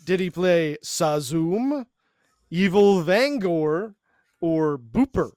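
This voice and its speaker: Guy w a high voice running a podcast quiz, drawing out each option, dry close sound. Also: lively intonation, darkish tone, no room sound. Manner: reads quiz options slowly and deliberately. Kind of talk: casual podcast chat.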